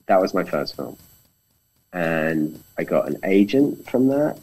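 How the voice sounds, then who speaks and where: A man's voice: low-pitched, slow, breathy edge, poor audio. A British man, a film director, telling stories in a casual conversation and acting out the quotes. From Britain. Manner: animated storyteller, acts out quotes.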